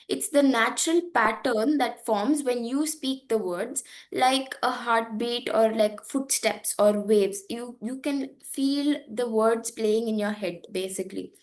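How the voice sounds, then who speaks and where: A young woman teaching an online poetry lesson from slides, explaining patiently with frequent fillers and check-ins. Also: a little high. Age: young adult.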